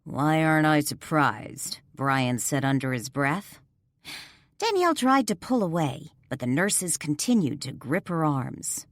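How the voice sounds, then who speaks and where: A woman narrating a ghost mystery audiobook in an expressive storytelling voice. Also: sits low, a little slow, dry recording, studio quality. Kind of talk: scripted narration.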